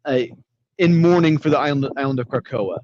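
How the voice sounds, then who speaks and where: A man's voice: medium pitch, brisk, darkish tone, no echo. A man co-hosting a casual comic review chat, ranting with profane indignation, recorded on a muffled lo-fi microphone.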